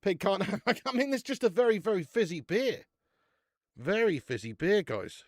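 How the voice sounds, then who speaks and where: A man's voice: high-pitched, big pitch swings, normal speed, no room sound, studio quality. A young man chatting casually on a live stream, reviewing beer, bantering with viewers and swearing now and then.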